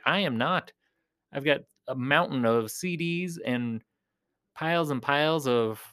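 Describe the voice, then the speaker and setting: Chatty, fairly high-voiced man rambling casually. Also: a bit bright, clear, resonant tone. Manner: chatty, joking, self-deprecating, trails off and restarts. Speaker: video creator. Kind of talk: rambling casual chat to viewers while playing a game.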